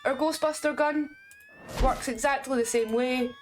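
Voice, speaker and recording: A woman with a Scottish accent giving casual gameplay commentary as a game reviewer, chatty and explaining as she plays, with quick asides and jokes. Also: sits high, steady tone, a little hiss or hum.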